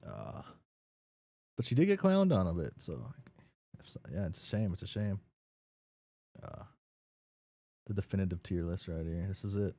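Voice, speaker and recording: A man's voice: sits low, very animated, normal speed, pauses often, dark tone, no room sound. A man streaming a game, talking casually and rambling as he recaps what he played. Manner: rambling, many fillers and restarts.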